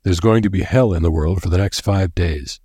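A man's voice: sits low, warm tone, breathy edge, no echo, clean studio sound. A man voicing a grim, solemn old professor who lays out grave warnings in a storybook reading. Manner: grave and deliberate.

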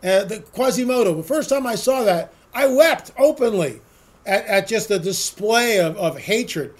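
Speaking straight to listeners, this man hosts a political talk show and delivers an opinion monologue in a notably high voice. He sounds animated, moving at a moderate pace. Sarcasm and emphasis run through it, built on a stream of rhetorical questions.

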